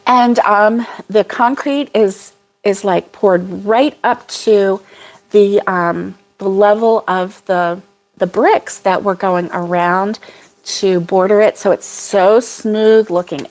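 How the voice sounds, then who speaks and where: A woman's voice: mid-range voice, takes it slowly, darkish tone. A woman hosting a casual livestream chat with viewers, rambling and laughing often. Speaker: crochet channel host.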